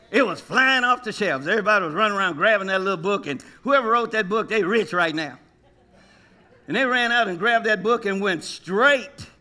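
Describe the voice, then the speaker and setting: High, bright-voiced male preacher. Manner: call-and-response, asks the congregation questions; lively, jokes, mimics people. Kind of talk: sermon.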